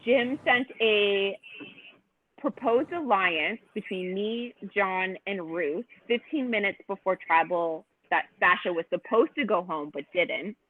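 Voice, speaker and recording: A woman's voice: medium pitch, slow pace, no echo. Chatty woman on tinny audio. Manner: animated storyteller, many fillers. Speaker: guest contestant. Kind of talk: casual podcast chat.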